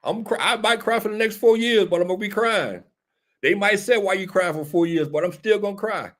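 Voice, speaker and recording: A man with a high, fairly bright voice speaks fairly quickly as host of a casual political commentary show. Addressing the live audience directly and replying to viewers, he's insistent and preachy, restating his points like a sermon.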